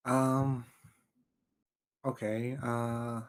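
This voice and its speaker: A man, a fellow modder, explaining technical problems in casual livestream chat, halting and hesitant. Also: mid-range voice, fairly even intonation.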